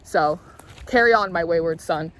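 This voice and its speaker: A woman's voice: lowish voice, moderate pace. A woman in her late twenties telling candid, rambling stories in a casual vlog, confiding and swearing now and then as she walks. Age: late 20s. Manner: talks while walking. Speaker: tarot reader and spiritual vlogger.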